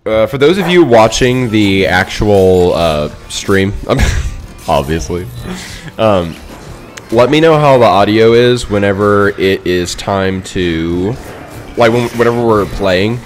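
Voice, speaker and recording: A man's voice: on the low side, animated, takes it slowly, faint music behind. A man hosting a casual gaming stream, joking and bantering with viewers and teammates. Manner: joking, bantering, playfully bossy. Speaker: streamer host.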